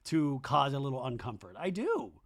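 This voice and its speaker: A man hosting a solo podcast, recapping a reality show episode and acting out the cast's lines in quick put-on voices. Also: medium pitch, vocal fry. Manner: animated, acts out cast members' lines in quick put-on voices.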